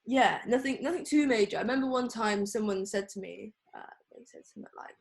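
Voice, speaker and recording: A woman's voice: a little high, brisk. A young woman, a photographer speaking as a guest in a casual interview, chatty and full of fillers. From England. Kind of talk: casual interview over a call.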